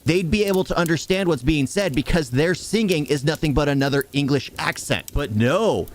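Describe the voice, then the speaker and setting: A man's voice: a little high, expressive, moderate pace. A man ranting sarcastically through a movie review, firing off exasperated rhetorical questions.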